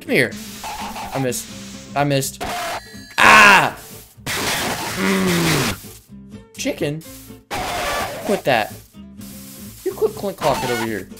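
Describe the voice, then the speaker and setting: A woman hosts a gaming video in a lowish voice, drawing out her words slowly. Her pitch leaps all over as she yelps and shouts at the game, and faint music plays underneath. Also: sing-song, creaky. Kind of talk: excitable let's-play commentary.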